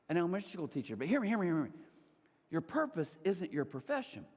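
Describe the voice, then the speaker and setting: A man preaching a sermon as pastor, animated, with asides to the crowd and put-on high voices for others. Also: big-room sound. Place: church auditorium.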